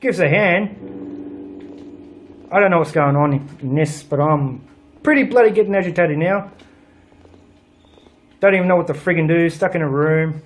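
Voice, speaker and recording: A man's voice: a little high, moderate pace, pauses often, slight background noise. A young man giving let's play commentary on a horror game, swearing a lot and grumbling sarcastically, recorded on a desk mic at home. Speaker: gaming channel host.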